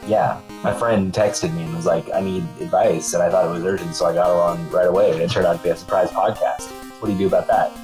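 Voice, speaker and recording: A man's voice: deep voice, fairly even intonation, quick pace, few pauses, a little mellow, faint music behind, poor audio. A man co-hosting a casual podcast, bantering and laughing easily. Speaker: podcast co-host.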